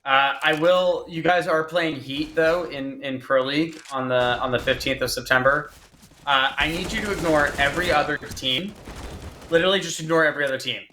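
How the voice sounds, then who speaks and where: A man hosting a casual watch-party stream. He talks in an animated, joking way and swears freely. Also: a little high, moderate pace, a little hiss or hum. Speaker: stream host.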